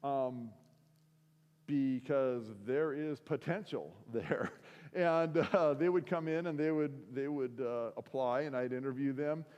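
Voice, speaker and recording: A man's voice: medium pitch, slow pace, clear, resonant tone, dull audio. Middle-aged man from Seattle, mid-range voice, self-mocking storytelling preacher, long hall reverb. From Seattle area, USA. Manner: relaxed, self-mocking storyteller with frequent fillers. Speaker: week of prayer speaker. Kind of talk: storytelling sermon.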